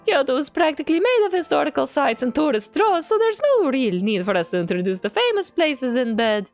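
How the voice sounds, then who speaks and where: A woman streamer reads game dialogue aloud in a high, lively voice that swoops widely. She delivers it playfully, with jokey asides. Faint music runs in the background. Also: a little fast. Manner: playful, adds a running joke to every line. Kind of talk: reading game text aloud with jokey commentary.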